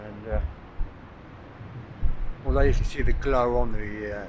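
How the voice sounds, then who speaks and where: A landscape photographer vlogger around sixty speaks in a mid-range voice with a steady tone and measured pace. On a coastal cliff at sunset, he talks casually to camera while taking photos, rambling and thinking aloud with many "uh"s, as outdoor noise is clearly heard behind him.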